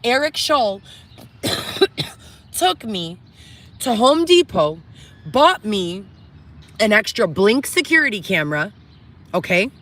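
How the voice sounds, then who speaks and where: A woman's voice: medium pitch, very animated, slow pace, pauses often, fairly bright tone. A middle-aged woman on a reality show, delivering an agitated, profane, distraught monologue to the camera from inside a tent. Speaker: reality show cast member.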